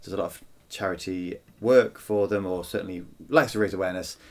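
Brief: male co-host, lowish voice, dry teasing opinions, casual chat. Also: fairly quick. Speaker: podcast co-host. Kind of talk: casual chat reviewing an album.

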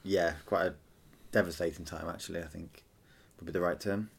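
Deep-voiced enthusiastic male co-host. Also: steady tone, creaky, husky. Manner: enthusiastic, chatty, quick to laugh. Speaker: podcast co-host. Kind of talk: casual chat.

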